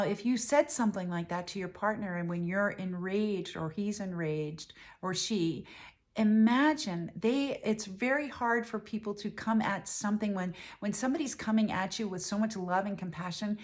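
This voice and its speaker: A woman's voice: medium pitch, moderate pace. A middle-aged woman talks through relationship advice with a coach's earnestness. She speaks casually, often stopping to rephrase a thought. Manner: earnest, repeats and restarts phrases.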